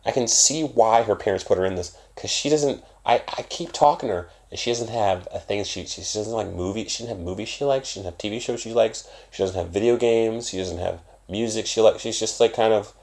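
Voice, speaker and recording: Gravelly low-voiced man ranting casually. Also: a little fast, hardly any pauses. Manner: profane, animated, swings between loud and mumbled. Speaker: vlogger. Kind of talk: casual rambling monologue.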